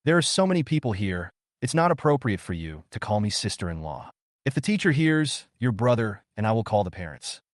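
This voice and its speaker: A man reading an indignant schoolgirl, raised pitch. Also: sing-song, fairly quick, no room sound, studio quality. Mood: hushed coaxing. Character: angry proud schoolgirl, young adult woman.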